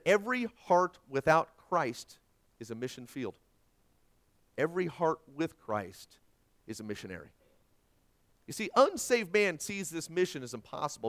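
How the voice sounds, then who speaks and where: A man in his thirties or forties delivers a sermon as a pastor, weaving in stories and acting out the dialogue. His storytelling is animated, with sudden jumps in pitch.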